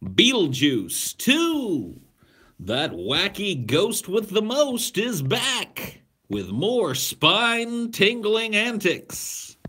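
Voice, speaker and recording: A man voicing an over-the-top movie-trailer announcer, stretching every word into drawn-out hype. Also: sits high, huge pitch swings, bright, forceful tone, slightly rough, voice pushed up, heavily acted. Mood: hyped.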